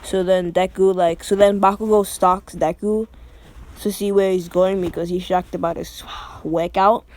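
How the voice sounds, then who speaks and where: A woman's voice: lowish voice, fairly even intonation, moderate pace, darkish tone, a little hiss or hum. A woman improvising a fan story, rambling, heavy with fillers and restarts.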